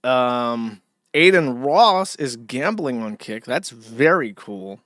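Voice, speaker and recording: A man's voice: mid-range voice, expressive, slow, a bit bright, no room sound, studio quality. A man hosting a live stream, delivering sardonic and profane commentary. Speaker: streamer host.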